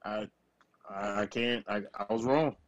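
A man co-hosting a casual sports podcast, ranting and self-mocking in animated bursts. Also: on the low side, measured pace, no room sound, muffled recording. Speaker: podcast co-host.

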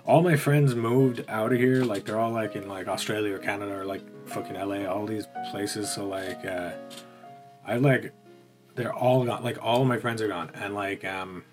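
A man's voice: lowish voice, fairly even intonation, normal speed, over music. A man in his thirties with an Irish accent from Galway, a podcast guest chatting casually and rambling, swearing freely. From Ireland. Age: 30s.

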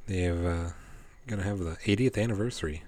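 A man's voice: low-pitched, a little fast, a little mellow. A man co-hosting a podcast in laid-back casual chat, dry and teasing. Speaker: podcast co-host.

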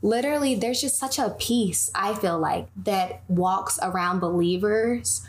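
A young woman hosting a casual faith podcast, telling animated stories and wandering off on tangents. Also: medium pitch, measured pace. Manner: animated storytelling, goes on tangents. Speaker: podcast host.

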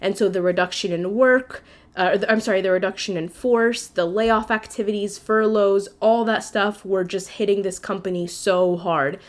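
A woman's voice: medium pitch, fairly even intonation, normal speed. A woman hosting a podcast, telling a personal story in a candid, conversational way with casual swearing. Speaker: podcast host.

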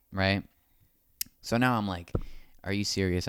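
A man's voice: deep voice, unhurried, long pauses, smooth, dry recording, studio quality. A man casually telling a long anecdote, acting out the other people's lines as he goes. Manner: animated, acts out quoted dialogue.

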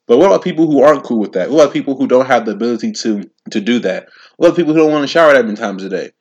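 A man in his twenties hosting a casual solo podcast. He talks in an animated, slangy way, repeats himself and speaks straight to his listeners. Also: medium pitch, very fast, husky, dull audio. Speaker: podcast host.

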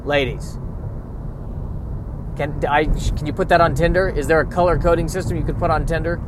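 A man hosting a solo comedy podcast from his car, wry and self-deprecating, breaking into loud exasperated rants. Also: a little high, noisy background. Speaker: podcast host. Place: in a car while driving and parking.

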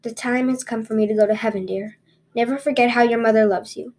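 Woman voicing a gentle dying mother. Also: on the high side, fairly even intonation, quick pace, lightly acted, rough recording. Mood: weak. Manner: soft, tender, weak.

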